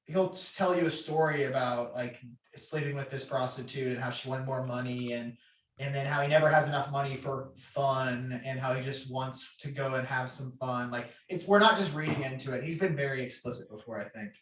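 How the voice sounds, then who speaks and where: A man's voice: medium pitch, fairly even intonation, brisk, fairly bright tone, far from the mic. Young guy in a roomy space, off mic. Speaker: podcast co-host. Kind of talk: casual comedy podcast chat.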